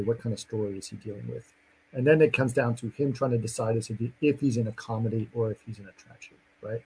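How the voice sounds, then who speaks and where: A man's voice: medium pitch, warm tone, husky, poor audio. A man in casual chat, rambling through a movie plot with lots of fillers and acted-out lines. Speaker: podcast co-host recapping a movie.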